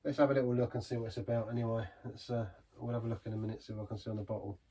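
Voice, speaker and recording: A man's voice: medium pitch, little pitch movement, very fast, dark tone, breathy edge. A man giving a casual, rambling beer review in a pub, chatty and self-deprecating.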